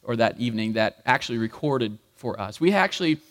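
A man preaching a sermon as pastor, animated and acting out the voices in the story. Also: medium pitch, a little fast. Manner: animated, acts out voices in quotes. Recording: long hall reverb.

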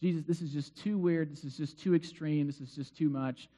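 A man's voice: a little high, steady tone, a little fast, warm tone, voice pushed down, natural voice. A man doing fed-up grumbling followers. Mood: exasperated. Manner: exasperated, complaining. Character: fed-up departing male followers.

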